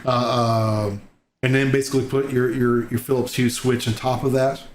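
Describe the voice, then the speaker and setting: A man's voice: mid-range voice, flat delivery, normal speed, slight background noise. Rambling male host in an echoey room. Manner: rambling, many fillers and restarts. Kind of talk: casual interview chat. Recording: echoey room with faint ambience.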